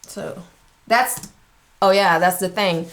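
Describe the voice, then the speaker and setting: A young woman artist reacting to an old video of herself, talking slowly with many pauses and laughs, moved and at a loss for words. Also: lowish voice, a bit bright. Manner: slow, halting, laughs often, moved and speechless. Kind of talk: emotional reaction vlog.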